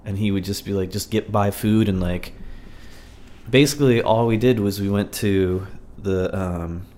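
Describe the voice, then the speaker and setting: A man's voice: lowish voice, moderate pace, a little mellow. A man hosting a podcast in casual chat, telling loose stories and swearing freely. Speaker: podcast host.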